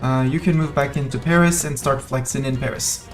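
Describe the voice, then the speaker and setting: A man's voice: medium pitch, steady tone, brisk, faint music behind. A man giving casual live commentary on a strategy game he is streaming, thinking aloud and playfully talking to the nations on his map.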